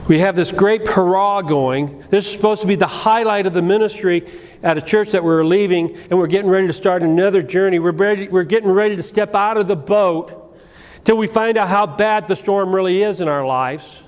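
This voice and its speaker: A middle-aged man preaching a sermon, telling a personal story, moving between loud emphatic lines and low quiet asides, with frequent restarts. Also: a little fast. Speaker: pastor. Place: church sanctuary. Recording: live church recording with long reverb and faint room noise.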